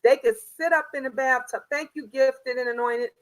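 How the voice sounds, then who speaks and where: High-voiced older woman scolding on a livestream. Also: moderate pace, low-quality recording. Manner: animated, scolding, slangy storytelling. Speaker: live-stream host. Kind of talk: live-stream chat with viewers.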